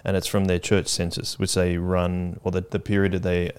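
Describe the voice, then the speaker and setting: Easygoing man, low voice. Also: completely flat delivery, moderate pace, smooth. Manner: easygoing, asks questions, laughs often. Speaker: podcast co-host. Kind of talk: casual chat.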